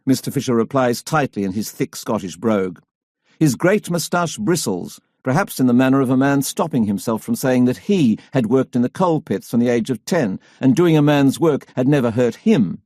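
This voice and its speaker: Scripted history audiobook narration from a man whose medium-pitched voice stays calm and evenly measured as he tells the story. The studio-quality recording has no room sound.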